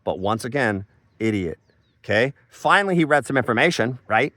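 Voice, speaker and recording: A man rants in a frustrated, rambling monologue and leans hard on his points. His voice sits at an ordinary middle pitch. The sound is dry and close, with no room echo. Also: animated, normal speed, a bit bright. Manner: frustrated, rambling, emphatic, says "bro". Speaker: farmer vlogger. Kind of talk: casual ranting monologue to camera. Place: on his farm.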